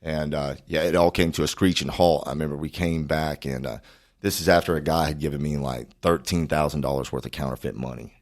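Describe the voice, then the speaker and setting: A man's voice: rumbling low, steady tone, fairly quick, a little mellow. A man, a podcast guest telling a story casually, profane and rambling with lots of fillers.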